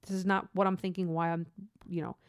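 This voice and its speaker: A woman's voice: on the low side, flat delivery, a little fast, clear, resonant tone, dry recording, studio quality. A middle-aged woman talking through her thoughts in an earnest, rambling way, restarting her sentences often. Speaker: christian vlogger. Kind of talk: unscripted spoken reflection.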